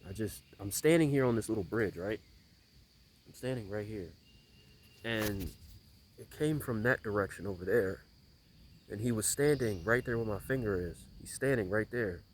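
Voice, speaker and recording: A man with a somewhat low voice talks straight to his camera outdoors, telling a story in a casual vlog. He rambles, circles back and repeats himself, leaning hard on his points. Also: slight background noise. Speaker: vlogger. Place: outdoors on a small bridge.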